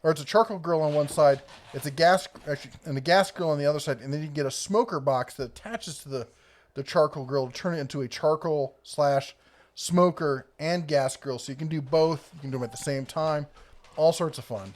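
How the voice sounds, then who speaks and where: A man with a stuffy, congested voice hosts a live tool show. His voice sits somewhat high for a man. He talks in an easygoing, unscripted way, reading out questions and answering them off the cuff. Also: a little fast. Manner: relaxed, reading viewer comments and giving advice. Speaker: YouTube tool channel host. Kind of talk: casual live-stream chat.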